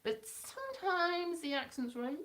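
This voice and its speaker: A woman's voice: very high-pitched, sing-song, normal speed, a bit bright. A woman from South Wales, chatting casually and self-deprecatingly on a live stream.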